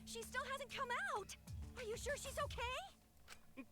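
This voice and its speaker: A woman's voice: extremely high pitch, unhurried, over music, pitched above the performer's own voice. A woman voicing an anxious, protective girl who stammers with urgency.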